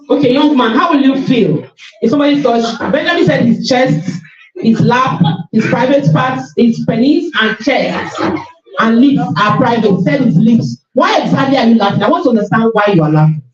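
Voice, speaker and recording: A woman coach leads a classroom session, questioning the students and drawing out the words she wants them to remember. Her pitch rises and falls widely as she talks. The recording is dull and echoey, picked up from well across the room. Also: lively intonation, recorded from a distance. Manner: questioning, drawn-out emphasis. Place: school classroom.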